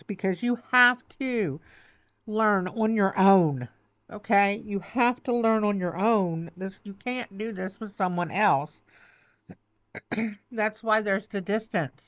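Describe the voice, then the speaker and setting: A woman's voice: mid-range voice, no echo. A woman reads tarot to her listener, her voice tearful and close to breaking. She comforts and urges by turns, repeating phrases and checking in with "okay?". The sound is dry and close, with no room around it. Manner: emotional, reassuring, repetitive, says "okay" and "baby". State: close to tears. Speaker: tarot reader. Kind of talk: spoken tarot reading.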